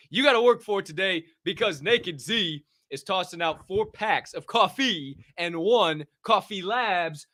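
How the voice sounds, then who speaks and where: Young guy hosting a stream show, cussing and goofing around, bright voice that jumps all over. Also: on the high side, expressive, brisk, no echo, studio quality. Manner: rowdy, joking, swears a lot, laughs at himself. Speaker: podcast host. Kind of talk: loose, profane livestream chat.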